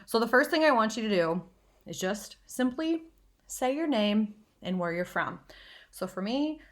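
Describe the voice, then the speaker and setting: This Midwestern podcast host, a confidence coach in her thirties from Northwest Iowa, has a fairly high voice with lively intonation and a measured pace. Talking alone on her show, she's frank, self-deprecating, and casually profane.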